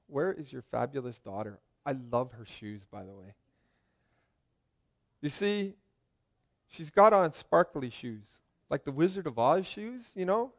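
A man preaching a lively sermon, joking with his congregation and asking them questions. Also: on the high side, a little slow, creaky, pauses often. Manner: joking, asks the crowd questions, swings from loud calls to quiet asides.

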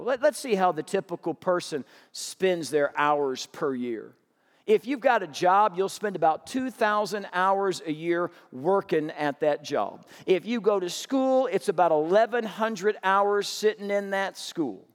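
Pastor, male, high voice, humorous storyteller, reverberant hall. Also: lively intonation, a little slow. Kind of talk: sermon.

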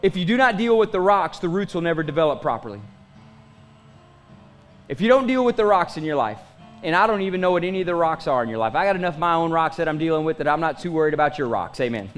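A man's voice: a little high, lively intonation, fast, faint music behind. A pastor in his forties preaching a sermon in a conversational style, asking the congregation questions and making asides. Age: 40s.

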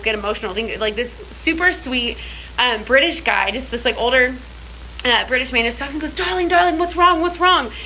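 A woman's voice: a little high, sharp tone, slight background noise, low-quality recording. A young woman telling personal stories in a casual faith talk, chatty and full of filler words and restarts. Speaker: speaker in a church series.

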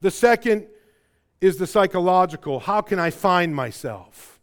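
A man preaching with a Chicago-area accent and a fairly high voice. He swings from loud, emphatic stretches to low, quiet ones, tripping over and repeating words when he gets going. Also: expressive, measured pace. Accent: Chicago-area American. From American Midwest. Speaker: pastor. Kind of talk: sermon.

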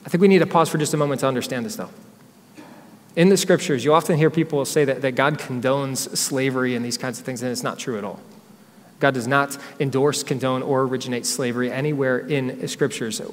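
A male pastor delivers a sermon in a slightly high voice, retelling a scripture story and slipping into the voices of its people. His words carry a long echo, as if spoken in a large church sanctuary. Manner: storytelling, acts out quotes from scripture figures. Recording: long reverb of a church hall.

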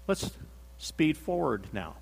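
A man's voice: on the high side, very animated, slow pace, creaky, slightly rough, big-room sound. A man preaching a sermon, telling the story dramatically, acting out the quotes and repeating himself for emphasis.

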